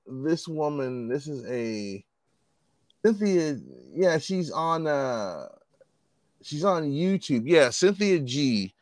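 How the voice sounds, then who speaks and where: A man's voice: on the high side, no echo. A man in casual conversation, ranting bluntly and profanely. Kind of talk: casual chat.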